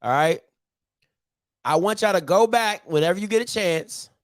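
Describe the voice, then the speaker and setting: A man's voice: sits high, expressive, normal speed, dry recording, clean studio sound. A man hosting a casual football recap, ranting and talking straight to his viewers. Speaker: sports show host.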